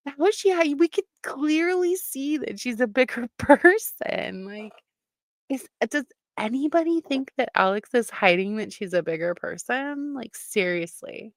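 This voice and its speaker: A woman's voice: high-pitched, expressive, unhurried, no room sound, clean studio sound. A woman hosting a livestream, giving blunt, mocking reaction commentary, swearing freely.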